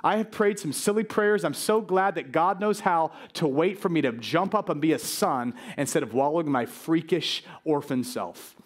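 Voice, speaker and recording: Male pastor, middle-aged, high-pitched, energetic sermon delivery with stammered restarts. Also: normal speed, few pauses. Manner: animated, acts out quoted worries, stammering restarts.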